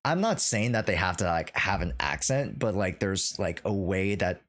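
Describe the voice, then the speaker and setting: Guy with a lowish voice on a headset, casual podcast chat, lots of stops and restarts. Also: sing-song, moderate pace, a bit bright. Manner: hesitant, many restarts and fillers. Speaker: podcast host.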